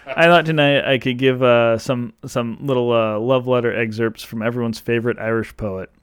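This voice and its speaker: A man's voice: mid-range voice, fairly even intonation, moderate pace, smooth, dry recording, clean studio sound. A man co-hosting a podcast, reading old love letters aloud in a mock-romantic voice and laughing often. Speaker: podcast co-host.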